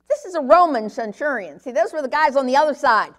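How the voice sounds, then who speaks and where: A middle-aged woman with a high, animated, fast voice teaches a sermon-style Bible lesson. Her delivery is conversational, and she often checks in with listeners by asking "okay?"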